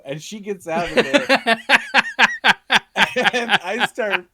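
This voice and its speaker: A man's voice: high-pitched, slow, pauses often, noisy background. A young man telling a casual, profane story on a podcast, laughing through his punchlines. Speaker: podcast co-host.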